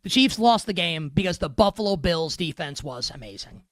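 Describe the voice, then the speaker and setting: A man hosting a sports betting show, ranting sarcastically through an animated monologue of game commentary. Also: on the high side, moderate pace.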